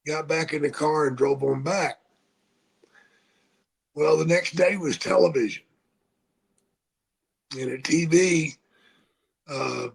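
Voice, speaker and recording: An older man, a retired wrestler, telling profane stories in a casual podcast chat. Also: on the high side. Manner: slow, gravelly, profane storytelling.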